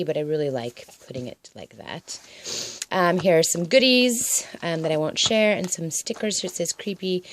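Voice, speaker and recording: A woman's voice: fairly low pitch, dry recording. A woman casually showing a handmade craft project, chatting and rambling with frequent ums and asides. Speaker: paper crafter. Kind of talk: casual craft show-and-tell.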